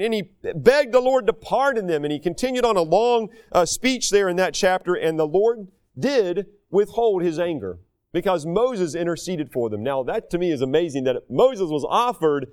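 High-voiced earnest male preacher. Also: expressive, moderate pace, a little mellow, clean tone. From United States. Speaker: pastor. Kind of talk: sermon.

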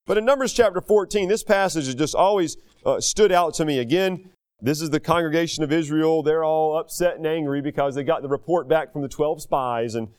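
A man's voice: on the high side, brisk, smooth. A man preaching a sermon from the United States, earnest and conversational, acting out quoted voices as he teaches. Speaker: pastor.

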